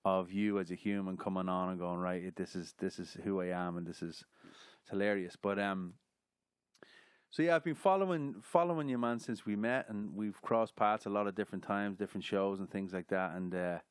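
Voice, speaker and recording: A man hosting a podcast, speaking in a relaxed, reflective way in casual chat. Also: low voice, moderate pace, smooth, no echo, studio quality. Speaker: podcast host.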